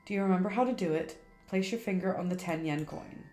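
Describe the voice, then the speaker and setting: Woman doing a calm, lowered-voice occult guide. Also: reverberant, soft background music, close to an everyday voice. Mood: serious. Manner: measured, instructive. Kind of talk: reading game dialogue aloud on stream.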